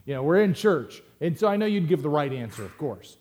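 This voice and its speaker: Reading scripture to his congregation and unpacking it conversationally, this pastor uses emphatic rises and side remarks. He sounds fairly high, sing-song and darkish, moving at a brisk clip.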